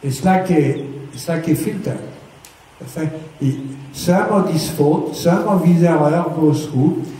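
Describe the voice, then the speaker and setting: A man's voice: a little high, measured pace, warm tone. A man giving a hands-on riding lesson, patiently explaining step by step and checking for understanding. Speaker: riding instructor. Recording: echoey, distant mic with faint noise.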